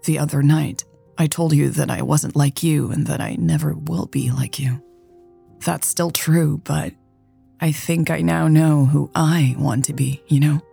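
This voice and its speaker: Earnest, jittery young woman read by a woman narrator; husky, dark voice. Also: low-pitched, steady tone, measured pace, soft background music, full character voice. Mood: nervous. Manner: awkward, stammering.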